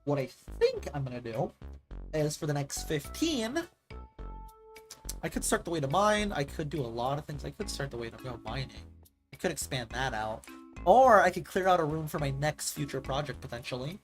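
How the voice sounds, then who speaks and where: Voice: medium pitch, normal speed, faint music behind. A gaming streamer chatting casually and telling stories in a rambling way, with lots of "like" fillers. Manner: rambling, animated storytelling with filler "like".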